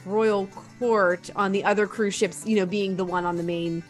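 A woman chats on a podcast, rambling along and leaning on fillers. Her pitch is ordinary and her delivery is relaxed. Faint music sits in the background. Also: moderate pace. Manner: chatty, rambling with many fillers. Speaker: podcast co-host. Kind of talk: casual podcast chat.

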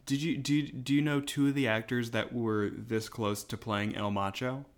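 A man's voice: mid-range voice, steady tone, normal speed. Guy on a podcast just chatting, lots of ums and uhs, kinda rambly. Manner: rambling, filler-heavy, chuckles often. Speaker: podcast co-host. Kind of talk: casual chat.

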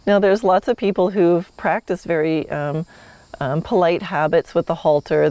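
In a dry recording, a woman with a fairly low, mellow voice teaches a horsemanship lesson for an online course. Her style is friendly and easygoing; she laughs a lot and acts out how a horse might answer back.

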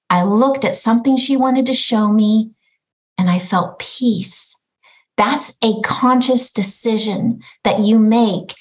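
Earnest higher-pitched woman guest. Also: poor audio. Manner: earnest, acts out her own inner voice. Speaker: podcast guest. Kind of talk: reflective conversation.

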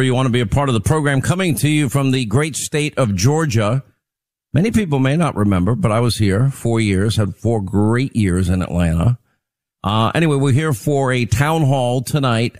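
A man's voice: mid-range voice, moderate pace, soft background music. A man hosting a radio talk show, bantering casually with wry, teasing asides. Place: on location for a town hall broadcast.

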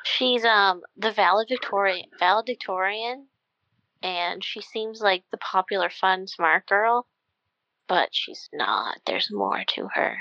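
Female podcast co-host with dry teasing quips, lively pitch, dry, slightly muffled sound. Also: slow, dry recording. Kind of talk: casual chat.

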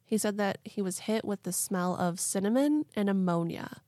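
A woman's voice: mid-range voice, moderate pace, mellow, no echo. A woman hosting a podcast, telling a story in a chatty, playful way with lots of fillers. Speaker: podcast host. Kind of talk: casual storytelling chat.

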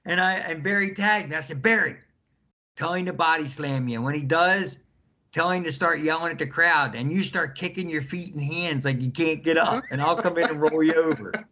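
An older man with a notably high voice recounts old wrestling tales in a relaxed interview. He acts out what everyone said, bouncing between voices as he goes. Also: moderate pace, slight background noise. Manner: animated storyteller acting out quotes. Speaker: guest, former wrestler. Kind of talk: casual storytelling interview.

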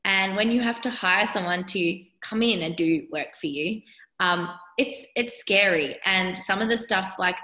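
Bright-voiced Australian woman, echoey room. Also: medium pitch, unhurried. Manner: chatty, leans on "like" and "you know". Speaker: guest, business owner. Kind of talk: conversational podcast interview.

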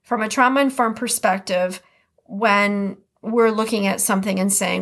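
A woman's voice: mid-range voice, fairly even intonation, moderate pace, fairly bright tone. Chatty Midwestern woman podcast host. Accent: Upper Midwest American. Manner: chatty, reflective, reads quotes aloud then comments. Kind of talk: casual podcast monologue.

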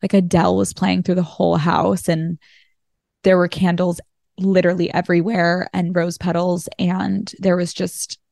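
A woman's voice: lowish voice, flat delivery, moderate pace, vocal fry, a little mellow, dry recording, studio quality. A woman chatting as a podcast guest, telling stories with lots of "like" and acting out conversations. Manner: chatty storyteller, heavy use of "like"; acts out quoted dialogue. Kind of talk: casual interview chat.

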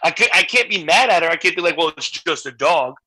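Bright, candid man in his forties. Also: fairly high pitch, quick pace, breathy edge, no room sound, low-quality recording. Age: 40s. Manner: candid, emotional, animated storytelling with quoted dialogue. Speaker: guest entertainer. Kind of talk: casual interview chat.

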